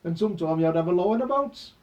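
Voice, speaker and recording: High-voiced Black Country man. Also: expressive, darkish tone, muffled recording. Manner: halting, colloquial storytelling. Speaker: interviewee.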